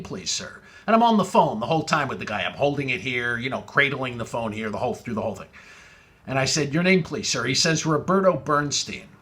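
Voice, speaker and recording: A man telling a comic story in stand-up style, full of wordplay and building to punchlines. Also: medium pitch. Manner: wordplay-heavy, rising excitement in punchlines. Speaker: comedian.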